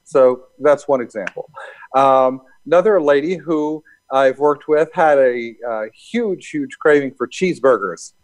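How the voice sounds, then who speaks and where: A man interviewed as a hypnosis and NLP coach, explaining his work in a calm, easygoing way. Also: medium pitch, measured pace. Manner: calm, explanatory, laughs easily. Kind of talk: casual interview talk.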